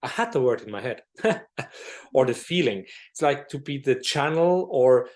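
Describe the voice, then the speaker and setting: A man's voice: mid-range voice, expressive, normal speed. Male host, thoughtful, hunts for words. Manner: thoughtful, searches for words, laughs softly. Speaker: podcast host. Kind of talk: casual conversation.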